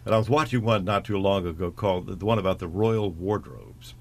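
A man's voice: deep voice, brisk, creaky. A middle-aged American man hosting a broadcast interview, genial and rambling, often restarting his phrases. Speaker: interview host.

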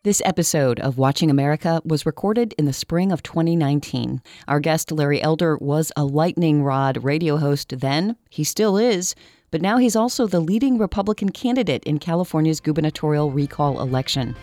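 A man's voice: fairly high pitch, brisk, darkish tone, no echo, clean studio sound, faint music behind. A male announcer reading a scripted note about the recording. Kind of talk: scripted narration.

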